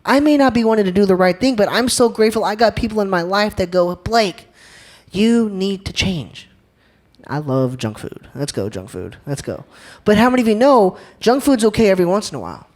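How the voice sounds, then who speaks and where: A man's voice: high voice, animated, fairly quick. A young man giving an upbeat, joking church talk, often asking the crowd questions. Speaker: youth speaker.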